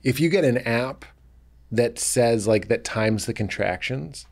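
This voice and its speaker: Brief: an animated male comedian guest, mid-pitched, riffing casually. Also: unhurried. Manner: animated, riffing, playful bits. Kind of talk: casual comedy podcast chat.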